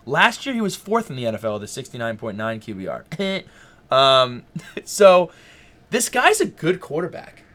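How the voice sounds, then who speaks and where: A young man co-hosting a casual sports podcast, arguing his points with animated insistence and stammering when pressed. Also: medium pitch, moderate pace. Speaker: podcast co-host.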